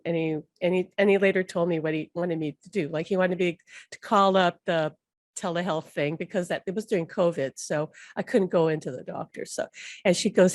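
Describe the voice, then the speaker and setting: A woman's voice: medium pitch, fairly quick, darkish tone, no echo, studio quality. A woman hosting a casual spoken talk, rambling and chatty, laughing often and peppering her speech with "like". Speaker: host.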